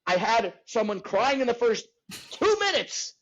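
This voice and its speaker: A middle-aged man, a comedian, telling stories in a lively podcast chat and acting out the people in them. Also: very high-pitched, measured pace, dull audio. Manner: animated, acts out voices. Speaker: comedian guest. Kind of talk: storytelling in casual chat.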